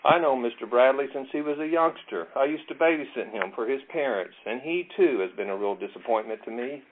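A man's voice: mid-range voice, animated, brisk, slight background noise, lightly acted. A man voicing a blunt, grandmotherly elderly woman on the witness stand in a joke, prim and scolding. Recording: tinny phone-like audio.

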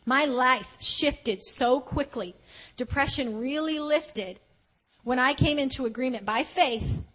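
A woman preaching a conversational sermon at a conference, earnest and animated, slowing down to stress key points. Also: fairly high pitch, rough recording. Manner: earnest, animated, often slows for emphasis. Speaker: conference speaker.

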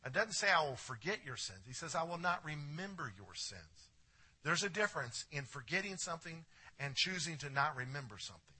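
Husky-voiced male pastor preaching. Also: fairly high pitch, expressive, brisk. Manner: preaching with wide swings from hushed to emphatic; addresses the congregation directly with questions. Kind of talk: sermon.

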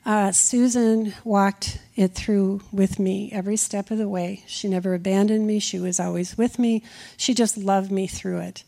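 A woman from Minnesota giving a heartfelt personal eulogy for a friend in a church sanctuary, reminiscing in an unhurried way. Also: mid-range voice, steady tone, gravelly, warm tone. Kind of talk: personal eulogy at a memorial service.

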